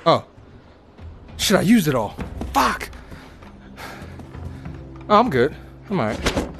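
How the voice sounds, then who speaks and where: A man giving live commentary while playing a VR fighting game. He trash-talks his opponent, lets out loud whoops and makes chatty asides to viewers. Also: a little high, big pitch swings, takes it slowly, gravelly, soft background music.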